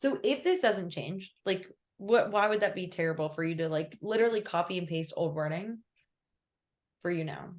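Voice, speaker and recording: A woman's voice: fairly low pitch, lively intonation, moderate pace. A young woman coaching a client on a call, chatty and full of fillers. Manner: chatty, filler-heavy, lots of "like". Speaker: business coach.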